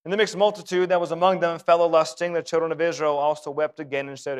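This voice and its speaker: Male pastor, church sermon, emphatic repeater, upper-middle pitch. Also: little pitch movement, quick pace, clear, resonant tone. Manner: emphatic preaching with repeated phrases.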